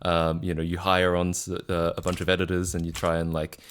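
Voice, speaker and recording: A man's voice: sits low, monotone, brisk, slight background noise. A man in his twenties from Australia, with a mixed Australian, British and North American accent. He chats casually on a livestream, rambling with lots of fillers and restarts. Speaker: streamer.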